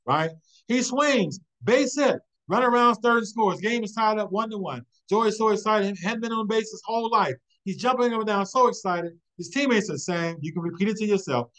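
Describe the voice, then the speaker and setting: A man's voice: high voice, brisk, poor audio. Man telling a story with a repeated refrain. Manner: rhythmic, repeats a refrain, builds excitement. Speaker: webinar presenter. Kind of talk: motivational storytelling talk.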